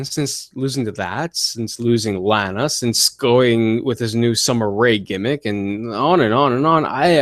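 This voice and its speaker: A man's voice: medium pitch, dry recording, studio quality. A man hosting a solo podcast, ranting with sarcasm and mocking impressions as he talks. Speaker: podcast host. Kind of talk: solo wrestling commentary podcast.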